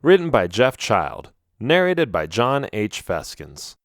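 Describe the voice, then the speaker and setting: A man reading a children's ghost story aloud as an audiobook narrator, telling it in an expressive storytelling manner. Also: mid-range voice, takes it slowly, dry recording, clean studio sound. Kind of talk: scripted narration.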